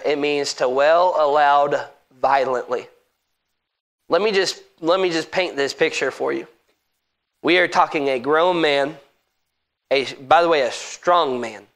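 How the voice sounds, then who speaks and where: High-voiced pastor preaching with emphasis. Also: male voice. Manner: emphatic and conversational, rising to shouts. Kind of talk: sermon.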